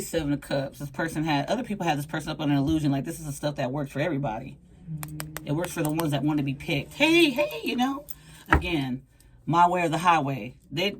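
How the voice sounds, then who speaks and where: Casual woman tarot reader, deep for her sex, teasing and chatty, over a noisy background. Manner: playful, chatty, uses pet names.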